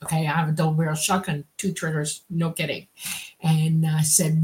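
A woman's voice: low-pitched, fairly even intonation, moderate pace. A woman co-hosting a talk show, telling a dramatic story with emphasis. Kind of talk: casual storytelling.

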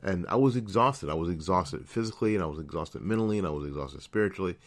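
A middle-aged man with a very low, deep voice talks into a studio microphone. He hosts his own internet radio show and tells a personal story in a loose, casual monologue, often repeating words and restarting sentences. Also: expressive, quick pace. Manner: storytelling, repeats phrases, self-corrects.

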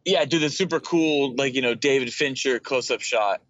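A man's voice: medium pitch, moderate pace, a bit bright, no room sound. A man co-hosting a podcast, chatting casually about a film, agreeable and jokey, with frequent laughs. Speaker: podcast co-host. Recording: dry, dull lo-fi mic.

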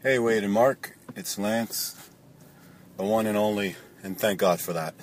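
A man's voice: fairly low pitch, a little slow. A man calling in with a rambling, casual question, trailing off with fillers. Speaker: caller. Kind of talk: recorded voicemail question.

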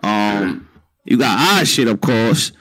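A man co-hosting a casual podcast chat, speaking bluntly, with halting restarts. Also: fairly low pitch, a bit bright, poor audio. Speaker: podcast co-host.

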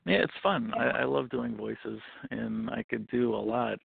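A man's voice: mid-range voice, fairly even intonation, a little slow, gravelly, husky, no room sound. A man in his thirties, a guest author, talks in a jokey, rambling way during an interview. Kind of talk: interview over the phone. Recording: tinny phone line.

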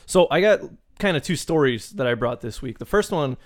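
A man's voice: medium pitch, lively intonation, fairly quick. A man co-hosting a podcast, telling loose, profane stories with plenty of laughs in casual chat. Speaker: podcast co-host.

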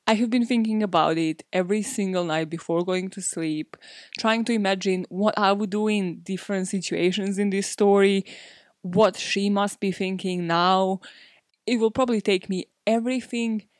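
A woman's voice: medium pitch, steady tone, moderate pace, no room sound, clean studio sound. A woman hosting a true crime podcast, talking in a casual, candid way, with frequent fillers and swearing. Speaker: podcast host.

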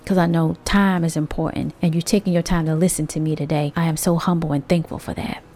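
A woman hosting a motivational monologue, talking conversationally to her listeners with drawn-out emphasis and rhetorical asides. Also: low-pitched, steady tone, dark tone, soft background music. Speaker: host.

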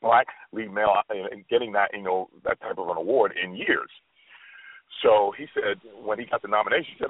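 Guy with a low dry voice on a phone line, earnest storytelling, lots of uh and restarts. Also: fairly quick, no echo. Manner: earnest, thoughtful, many restarts and fillers. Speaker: co-host of motivational talk show. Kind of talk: reflective storytelling, motivational talk radio.

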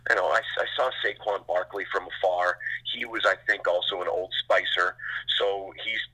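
A middle-aged man who hosts sports radio chats casually in an interview, rambling through lively stories full of quick asides. His voice is low and husky, and the audio quality is poor.

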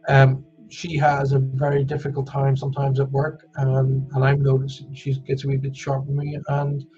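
A man's voice: mid-range voice, completely flat delivery, normal speed, warm tone, muffled recording. An Irish man hosting a live wellbeing show, talking casually and joking as he reads out viewer comments. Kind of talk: casual live-stream talk.

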